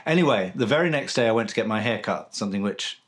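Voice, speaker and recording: A man's voice: lowish voice, animated, fast. A man in his forties hosting a casual interview, telling a personal story in an earnest, reflective way. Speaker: podcast host.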